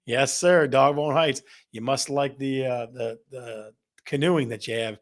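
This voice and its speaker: A man's voice: medium pitch, fairly even intonation, unhurried. A middle-aged man hosting a casual real estate show, chatting loosely, repeating himself and tossing questions to his audience. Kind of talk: casual live-stream chat reading viewer comments.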